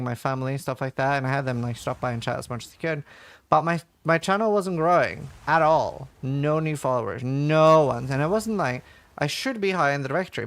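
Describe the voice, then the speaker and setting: A man's voice: on the high side, fairly bright tone. A man streaming a game live, chatting casually and answering viewer questions with lots of fillers. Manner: chatty, reads chat questions aloud, rambling with fillers. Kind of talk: casual live-stream chat while gaming.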